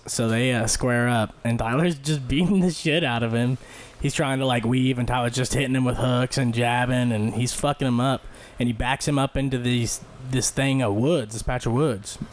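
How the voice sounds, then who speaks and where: A man's voice: mid-range voice, normal speed. A man in his late twenties, a podcast co-host telling a fight story in casual, profane talk, acting out the people he quotes. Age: late 20s. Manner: animated, profane, acts out quotes.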